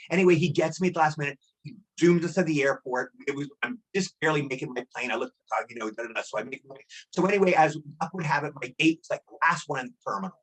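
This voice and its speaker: A man in his sixties, a guest actor telling rambling, animated anecdotes in a casual interview. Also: a little high, slightly rough, low-quality recording. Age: 60s.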